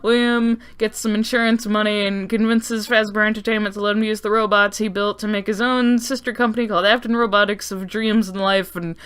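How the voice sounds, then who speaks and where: A woman's voice: medium pitch, fairly even intonation, fairly quick, hardly any pauses, a bit bright, smooth. A young woman recapping a story timeline in a sarcastic, rambling way with lots of swearing. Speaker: lore recap narrator. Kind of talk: comedic lore recap.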